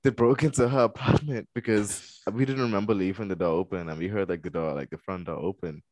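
A man co-hosting a casual podcast chat, telling stories in an animated way with quoted voices. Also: low voice, fairly quick. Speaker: podcast co-host.

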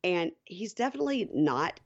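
A woman's voice: on the low side, very animated, normal speed, muffled recording. A woman guest on a podcast, chatting playfully and retelling TV scenes with quoted voices. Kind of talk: casual TV recap chat.

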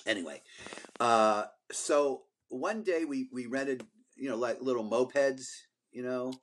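An older man co-hosts a podcast, speaking unhurriedly at a medium pitch. He tells long, rambling stories in an animated, casual way, packed with fillers.

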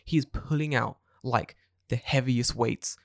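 A young man hosts a podcast in a dry, close-miked room, his voice sitting at a mid pitch. He tells stories in animated, profanity-laced casual chat. He throws himself into quoting other people. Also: measured pace, gravelly, no echo. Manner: animated, swearing storyteller who acts out quotes. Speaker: podcast host.

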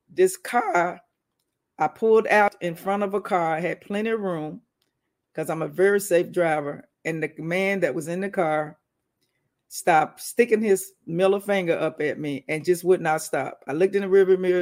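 A woman minister giving a preaching-style teaching talk, conversational, telling personal stories and calling out to her listeners. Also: on the low side. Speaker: minister teaching a weekly wisdom segment.

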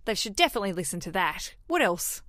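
A woman's voice: medium pitch, very animated, fast talker, fairly bright tone, no echo, clean studio sound. A woman hosting a podcast, chatting and laughing with her guest in a playful, self-mocking way. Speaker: podcast host. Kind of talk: casual chat.

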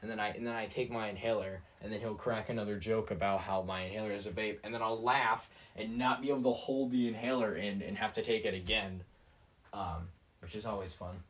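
Rambling young man, slightly low voice. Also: steady tone, brisk, fairly bright tone, distant mic. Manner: rambling, full of fillers and restarts; sarcastic and self-mocking. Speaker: podcast host. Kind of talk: rambling solo rant.

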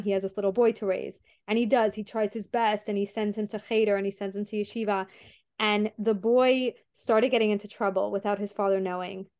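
A woman's voice: medium pitch, darkish tone. A young woman hosting a podcast, retelling a story in a rambling way with many fillers and restarts. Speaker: podcast host.

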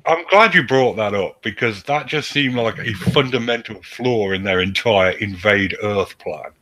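Bright, low-voiced man reading aloud. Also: unhurried, low-quality recording. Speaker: podcast co-host. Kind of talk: reading a story aloud, casual banter.

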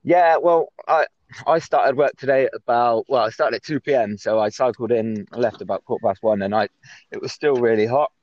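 A man from England with a West Country accent, a guest on a casual call-in chat, easygoing and quick to laugh. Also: mid-range voice, no room sound, dull audio. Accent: English, West Country.

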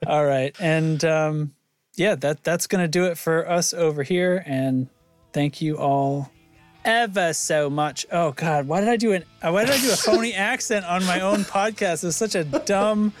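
A man's voice: high voice, normal speed, faint music behind. A man hosting a casual podcast outro, rambling, stumbling over names and laughing at himself. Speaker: podcast host.

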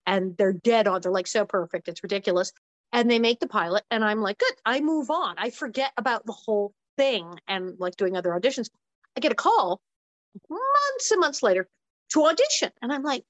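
A woman guest in an interview telling an animated story, acting out the voices of the people in it. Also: a little fast, no echo. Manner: lively, acts out quoted voices with big pitch jumps.

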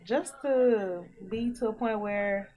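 A woman's voice: mid-range voice, slow pace, dark tone, a little hiss or hum, rough recording. A woman guest on a podcast who answers hesitantly, with fillers, in casual chat.

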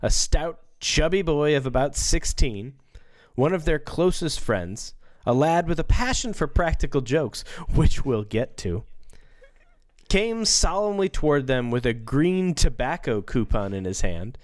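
A man's voice: on the high side, big pitch swings, a little slow. A man co-hosting a podcast, reading a book aloud with wry, dry asides. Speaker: podcast co-host. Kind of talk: casual chat and book reading.

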